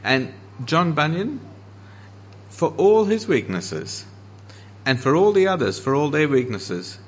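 An earnest man preaching a sermon as pastor, slowing down to stress the scripture he quotes. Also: a little high, big pitch swings, husky.

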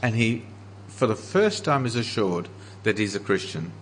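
An earnest man preaching a sermon as pastor, slowing down to stress the scripture he quotes. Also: fairly low pitch, sing-song, a little hiss or hum.

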